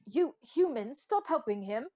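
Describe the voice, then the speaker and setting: A woman's voice: fairly high pitch, lively intonation, a little slow, no room sound, muffled recording. A woman voicing a flamboyant, scornful male bird pirate in a tabletop game. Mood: smug. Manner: mocking, dismissive.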